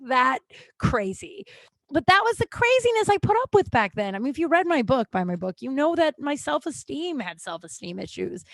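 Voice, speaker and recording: A woman's voice: medium pitch, no room sound. A woman hosting a podcast, telling personal stories in a candid, profane way and acting out what people said. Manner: candid, profane, acts out quotes. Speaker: podcast host. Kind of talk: casual storytelling monologue.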